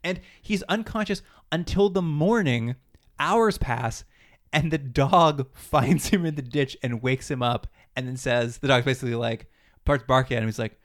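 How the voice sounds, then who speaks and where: A man's voice: medium pitch, moderate pace. A man co-hosting a podcast, casually recapping a TV episode and acting out the characters' lines in a mocking way. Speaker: podcast co-host. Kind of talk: casual chat recapping a TV show.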